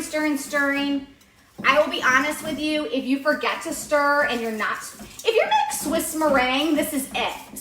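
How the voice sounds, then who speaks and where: A woman's voice: high-pitched, sharp tone, reverberant, a little hiss or hum, rough recording. A chatty, enthusiastic woman teaching a live baking demo in her home kitchen and answering viewers' comments. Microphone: on-camera mic, moved around the kitchen. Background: mixer and kitchen clatter.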